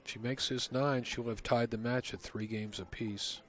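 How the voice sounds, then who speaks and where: A man giving low, calm play-by-play commentary on a pool match, recorded in a casino event hall. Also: moderate pace.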